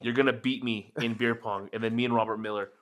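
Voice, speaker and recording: A young man co-hosting a podcast, telling his sports stories in animated casual chat and swearing often. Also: medium pitch, fast talker. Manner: animated storytelling, heavy swearing. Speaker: podcast co-host.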